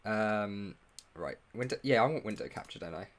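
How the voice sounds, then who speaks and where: A man's voice: lowish voice, expressive, normal speed. A young man hosting a casual live stream, greeting viewers in the chat and making self-mocking asides while he sets up. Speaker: livestream host.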